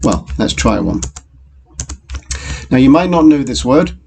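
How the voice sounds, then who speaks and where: A man with a gravelly edge to his voice gives a phonics lesson to young children at a very unhurried pace. He explains things patiently and speaks straight to the pupils. Faint computer typing sits under his voice. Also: medium pitch, sing-song, darkish tone, slight background noise. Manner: slow, patient, talks directly to young pupils. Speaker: primary school teacher.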